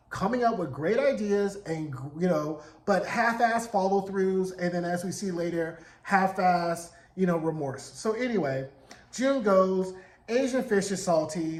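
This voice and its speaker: A man in his forties giving a sassy, animated casual recap of a TV episode, acting out the characters' lines. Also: high voice. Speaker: TV recap vlogger. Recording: roomy echo.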